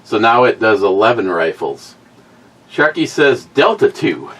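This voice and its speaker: A man's voice: fairly low pitch, expressive, unhurried, fairly bright tone, low-quality recording. Stammering middle-aged man. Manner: stammering, apologetic, laid-back. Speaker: channel host, father. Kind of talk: casual vlog talk.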